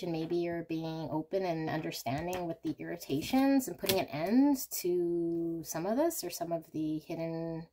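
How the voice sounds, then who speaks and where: Woman, lowish pitch, casual card reading, candid, rambling, light hiss. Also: darkish tone. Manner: candid, chatty, thinks aloud with frequent "like" and "um". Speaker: tarot card reader.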